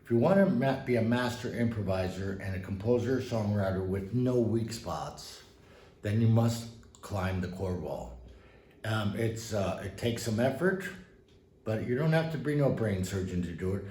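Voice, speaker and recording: A man giving a casual piano lesson, relaxed and encouraging, with folksy asides as he plays. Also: fairly low pitch, normal speed, a little hiss or hum. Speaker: piano teacher. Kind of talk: casual instructional talk at the piano. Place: room with a piano. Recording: roomy sound with piano under the voice.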